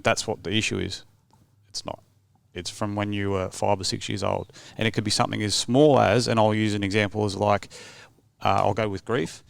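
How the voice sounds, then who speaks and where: Gravelly-voiced man in his thirties. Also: fairly low pitch, fairly even intonation, brisk, no room sound. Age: 30s. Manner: earnest, asks probing questions, explains. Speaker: podcast guest, men's work facilitator. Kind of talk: casual podcast discussion.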